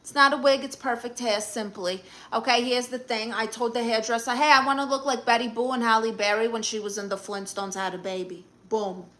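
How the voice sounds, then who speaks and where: A woman's voice: fairly high pitch, steady tone, fairly quick, hardly any pauses, fairly bright tone. A woman with a Brooklyn accent hosting a live stream, reading viewer comments aloud and answering them in a sassy, brash way. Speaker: livestream host.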